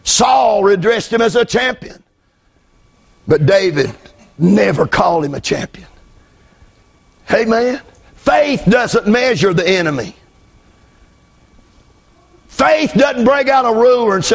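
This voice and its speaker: A middle-aged male pastor with a strikingly high voice for a man, preaching a fiery sermon. He moves between quiet, intimate storytelling and shouted, fervent declarations. He repeats phrases and calls out amen along the way. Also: lively intonation, slow pace, creaky, pauses often.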